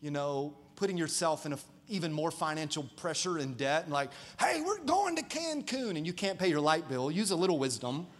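High-voiced animated man preaching. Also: fairly quick, hardly any pauses. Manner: animated and conversational, jokes with the congregation. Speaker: pastor. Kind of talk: sermon. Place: church auditorium before a congregation.

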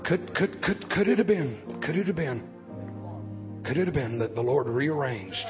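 A high-pitched man in his fifties delivers a sermon. He swings between low, quiet talk and loud shouting. The recording is dull and lo-fi, with faint music underneath. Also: lively intonation, moderate pace. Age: 50s. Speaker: preacher.

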